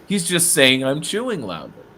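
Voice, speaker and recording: A man casually telling a story on a podcast, animated and swearing, acting out the people he quotes. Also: on the high side, normal speed, slightly rough. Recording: faint background noise.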